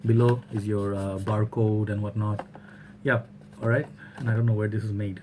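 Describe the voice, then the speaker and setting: A man's voice: on the low side, fairly even intonation, moderate pace, a little mellow, a little hiss or hum. A man from Bangladesh, chatting loosely through a product review and often checking in with "all right?". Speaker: fragrance reviewer. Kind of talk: casual product review vlog.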